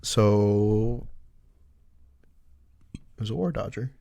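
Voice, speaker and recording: A man's voice: fairly low pitch, drawn-out words, vocal fry, mellow. A man co-hosting a podcast, bantering and joking with profanity. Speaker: podcast co-host.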